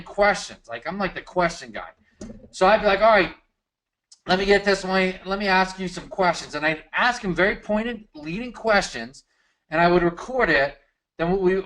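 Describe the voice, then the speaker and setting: Brief: man, slightly high voice, relaxed explainer, chatty. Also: rough recording. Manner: relaxed, explanatory, frequent fillers. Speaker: co-host of a marketing training. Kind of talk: casual coaching talk.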